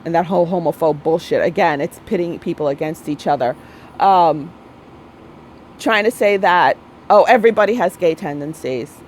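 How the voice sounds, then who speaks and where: A woman's voice: lowish voice, slight background noise, rough recording. A woman in her thirties talking bluntly and emphatically in a casual monologue, repeating her points and often tagging on "okay?". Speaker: spiritual vlogger.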